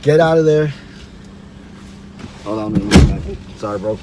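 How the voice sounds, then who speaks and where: A man's voice: fairly low pitch, lively intonation, takes it slowly, very noisy. A man hosting a podcast, telling a story in a loose, slangy, profane way. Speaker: podcast host. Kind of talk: casual storytelling.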